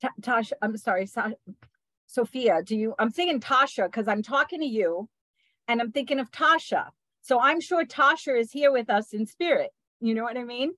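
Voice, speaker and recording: A woman hosting a spiritual group video call, talking gently and affectionately, often adding "right?" and soft laughs. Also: fairly high pitch, expressive, normal speed, no room sound, poor audio. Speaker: spiritual session host.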